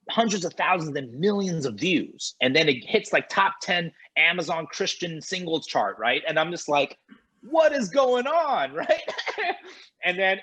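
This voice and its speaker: A man guest on a podcast, telling a lively anecdote and acting out the dialogue of others. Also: mid-range voice, slightly rough, low-quality recording. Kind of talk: animated storytelling in conversation.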